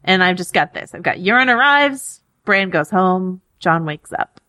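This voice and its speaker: A chatty woman hosting a podcast, talking loosely with lots of ums and quick laughs. Her voice sits on the lower side and the recording is dry and close. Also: animated, pushed and bright, dry recording. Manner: chatty, laughing often, many fillers. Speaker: podcast co-host. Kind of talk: casual podcast chat.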